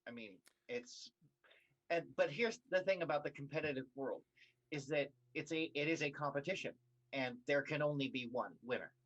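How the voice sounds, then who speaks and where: A man's voice: on the high side, moderate pace, muffled recording. Gushing man co-hosting a karaoke stream. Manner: gushing and warm-hearted, with repeated words. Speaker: co-host of an online karaoke show. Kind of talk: casual livestream chat.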